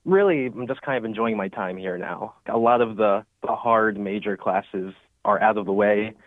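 A man's voice: fairly low pitch, normal speed, no echo. A young man calls in to a radio show, talking in an upbeat, chatty way full of filler words. His voice comes through a tinny, narrow phone line. The sound is dry, with no room around it. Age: 20s. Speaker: caller, student actor.

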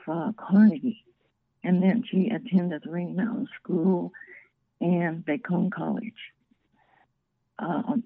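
An older woman from Oklahoma speaks as a radio guest, plainly going through her family line. Her voice has a gravelly, creaky edge, and it comes through a narrow, tinny phone line. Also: on the low side. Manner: plain, recounting family history. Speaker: guest elder. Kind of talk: radio interview.

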